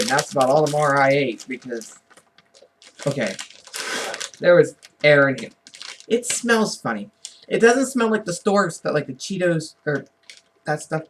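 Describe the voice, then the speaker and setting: A man's voice: fairly high pitch, far from the mic, a little hiss or hum. A man telling a story casually to his camera, rambling with many restarts and asides, chatty and amused.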